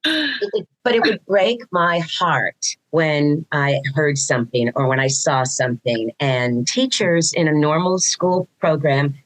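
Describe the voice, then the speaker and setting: A woman's voice: low-pitched, unhurried, poor audio. A woman guest in a casual interview, talking about her son, telling stories with lots of restarts and acting out what people said. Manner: animated storytelling, acts out quoted dialogue, frequent restarts. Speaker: guest, mother of a neurodivergent son.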